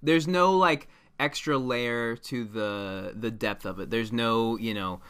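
Man, podcast co-host, bright tense voice, joking, self-mocking. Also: mid-range voice, slow, smooth. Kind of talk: casual podcast chat.

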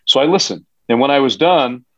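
A man, a high school football coach, telling stories in a casual podcast chat, earnest and emphatic with frequent restarts. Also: animated, a little fast, pushed and bright, dry recording. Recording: dull, dry lo-fi sound.

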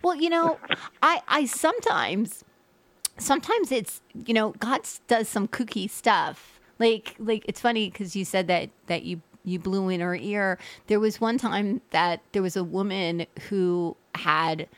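A woman host talks in a chatty, rambling way, often laughing between thoughts. Her voice sits at an average pitch and sounds close and dry, with no echo. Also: measured pace. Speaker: talk show host. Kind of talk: casual interview chat.

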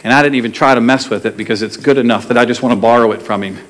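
A man's voice: medium pitch, racing, fairly bright tone. A male pastor preaching a sermon to his congregation in a conversational way, asking them questions and telling stories. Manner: conversational, asks the congregation questions and tells jokes. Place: church sanctuary before a congregation.

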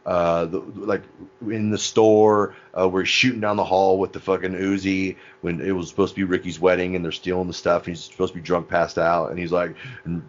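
A man's voice: low voice, level tone, muffled recording. A man in casual podcast chat who swears, laughs a lot and recounts scenes. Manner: laughing, profane, retells scenes by doing quick voices.

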